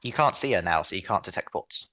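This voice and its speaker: A man's voice: low-pitched, lively intonation, fast, bright, forceful tone, dry recording. A man narrating a tabletop game as game master, laid-back and descriptive.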